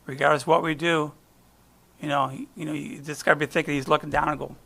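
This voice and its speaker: A man's voice: on the high side, level tone, fast, gravelly, pushed and bright. A middle-aged American man giving a conversational guest sermon, chatty and folksy, often trailing off and restarting. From United States. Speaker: guest speaker. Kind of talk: conversational sermon with personal stories.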